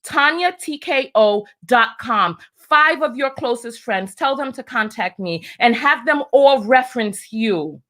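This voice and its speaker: Woman host, fiery blunt live-stream commentator, slightly high voice, riled up. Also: animated, measured pace, hardly any pauses, fairly bright tone. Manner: fiery, blunt, reads viewer comments aloud. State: riled up early in the morning.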